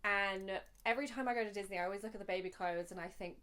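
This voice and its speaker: A young woman with a lilt chats through her shopping haul for her viewers. She gushes over each item in a casual, chatty way and gets emotional easily. Her voice sits at an ordinary middle pitch. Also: fairly even intonation, quick pace, few pauses, a bit bright. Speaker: vlogger.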